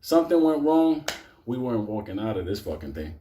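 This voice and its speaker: A man's voice: on the low side, big pitch swings, brisk, dark tone, slight background noise. A man telling a comic story to a live audience, rambling, swearing constantly and laughing between lines.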